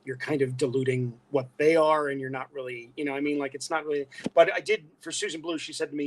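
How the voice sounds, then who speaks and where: A man from Brooklyn with a New York accent, a guest chatting casually and telling animated stories. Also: fairly high pitch, fast talker, hardly any pauses, slight background noise, poor audio. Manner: animated storyteller, breaks into voices. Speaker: guest, illustrator and costume actor. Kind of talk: casual interview chat.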